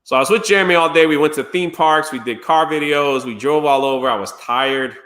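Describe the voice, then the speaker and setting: Animated, bright-voiced man telling stories. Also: fairly high pitch, brisk. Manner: animated, laughing, acts out quotes. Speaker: streamer. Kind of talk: casual storytelling. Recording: roomy echo.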